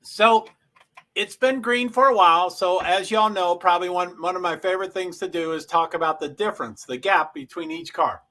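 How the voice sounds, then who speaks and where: A man hosting a casual livestream, rambling through race positions with frequent throat clearing and self-interruptions. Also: sits high, normal speed, sharp tone. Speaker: livestream host. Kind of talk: casual live race commentary.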